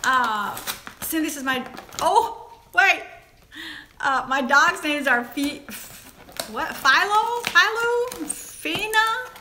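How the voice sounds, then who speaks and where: A woman hosts a relaxed live stream, reading out viewer comments and unboxing little toys. Her voice is high and bright and swoops up and down, full of giggles and delighted gasps. A faint background hiss sits under her talk. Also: takes it slowly, pauses often. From Southern United States. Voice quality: giggly, exclamatory, high and animated. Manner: reads viewer comments aloud, gasps and squeals over small toys. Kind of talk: casual live chat while unboxing toys.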